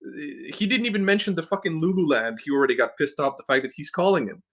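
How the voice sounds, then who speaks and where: A man's voice: a little high, animated, fast talker, fairly bright tone. A man hosting a podcast, ranting bluntly and with plenty of swearing as he critiques a video. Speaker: podcast host. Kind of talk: casual critique chat.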